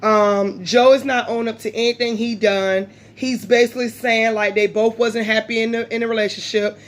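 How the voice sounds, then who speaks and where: A woman's voice: fairly high pitch, steady tone, moderate pace. A woman recapping a reality TV episode in a casual, opinionated way, with frequent ums and frank asides. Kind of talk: casual spoken episode review.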